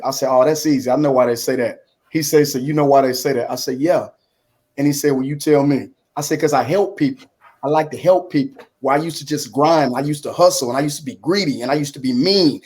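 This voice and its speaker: Guy in his 50s on a computer call, slightly high voice, tells stories by acting out both sides, says "man" a lot. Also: a little mellow. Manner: acts out dialogue, drops in "man" a lot. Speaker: guest. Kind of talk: conversational storytelling. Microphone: computer on a video call.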